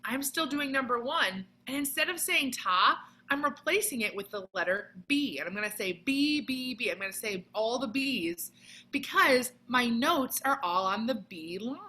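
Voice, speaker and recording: A woman teaching a children's music lesson on video, explaining each step patiently and clearly with sung demonstrations. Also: on the high side, bright, forceful tone, slight background noise, poor audio.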